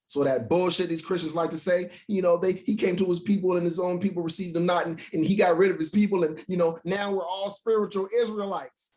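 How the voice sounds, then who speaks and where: A man teaching from the Bible, reading verses slowly and then breaking into crude, mocking rants with big swings in pitch and loudness. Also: steady tone. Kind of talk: profane scripture teaching.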